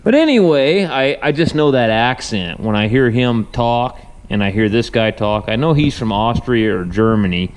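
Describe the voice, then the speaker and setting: A man's voice: medium pitch, animated, moderate pace, hardly any pauses, smooth. A young man, a repair mechanic, talking casually in a rambling, folksy way with many restarts. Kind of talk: casual shop vlog talk.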